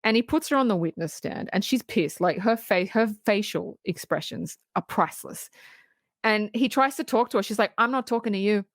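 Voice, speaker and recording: A woman co-hosts a film podcast, walking through a movie scene by scene. She slips into the characters' lines as she tells it, in a middle-pitched voice recorded close and dry. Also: normal speed, no echo. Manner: animated storytelling, acting out quoted lines, frequent laughs and swearing. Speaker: podcast co-host. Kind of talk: casual film recap.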